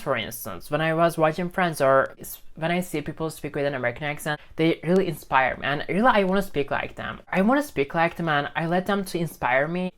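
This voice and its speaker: A man gives an informal English lesson to his phone camera as teacher and video host. Fairly high-pitched and slightly bright, he speaks emphatically, repeats things, and keeps asking "okay?".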